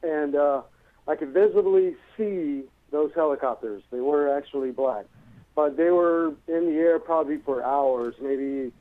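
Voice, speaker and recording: A man's voice: a little high, unhurried. A man calling a radio show, hesitant and unsure, full of fillers. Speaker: radio caller. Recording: dull lo-fi radio call.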